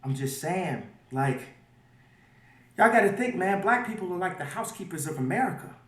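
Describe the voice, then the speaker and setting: A man being interviewed, talking emphatically and swinging between quiet and loud. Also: high voice, animated, moderate pace. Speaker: interview guest. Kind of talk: animated interview talk. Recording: roomy audio from far off.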